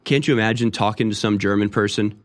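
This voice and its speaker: A man's voice: lowish voice, steady tone, fast talker. A man delivering an opinionated, sarcastic monologue with rambling restarts. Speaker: commentator.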